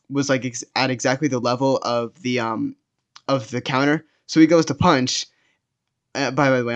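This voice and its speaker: Rambling young guy telling a story. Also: medium pitch. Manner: rambling, filler-heavy, many restarts. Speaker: storytime vlogger. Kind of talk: casual storytelling.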